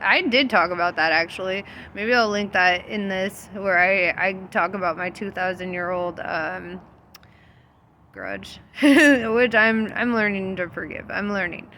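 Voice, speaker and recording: A young woman, a spiritual vlogger, talks about faith in a loose, casual storytelling monologue, laughing often and swearing freely. Her voice is mid-range with a sharp tone, and there's slight background noise.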